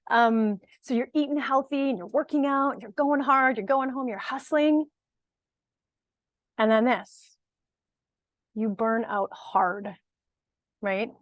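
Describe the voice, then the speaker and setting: Speaking slowly with long pauses in a slightly high voice, a woman coaches viewers on fitness and nutrition in an online workshop, recorded dry. Her tone is empathetic and encouraging, with a few laughs and frequent check-ins like "right?" and "okay?".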